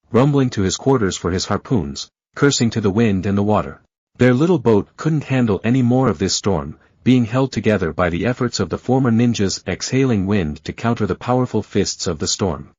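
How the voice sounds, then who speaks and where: A man narrating a fan fiction story in a steady storytelling manner. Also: fairly low pitch, breathy edge, dry recording. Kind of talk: reading fan fiction aloud. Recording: dull lo-fi, dry close sound.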